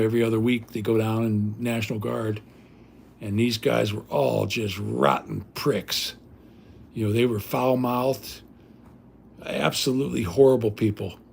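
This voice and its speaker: A man's voice: fairly low pitch, creaky, darkish tone, slight background noise. An older man hosting a livestream, telling rambling stories in a blunt, casual way with salty language. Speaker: livestream host.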